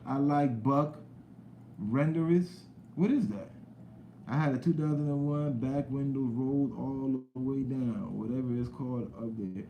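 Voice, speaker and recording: A young man hosting a live stream, chatting loosely with viewers in slang, shouting out names from the chat. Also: mid-range voice, unhurried, roomy sound, lo-fi sound, a little hiss or hum. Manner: loose, rambling talk with slang and cursing, greets chat viewers loudly.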